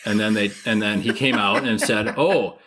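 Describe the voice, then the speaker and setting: A man's voice: on the low side, steady tone, moderate pace, sharp tone. A man in his thirties, a podcast co-host, telling a story in casual chat and acting out the quoted voices.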